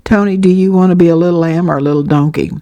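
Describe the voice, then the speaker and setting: A kind, encouraging pastor's wife, voiced by a woman narrator. Her tone is mellow and soft. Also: on the low side, steady tone, fast, natural voice.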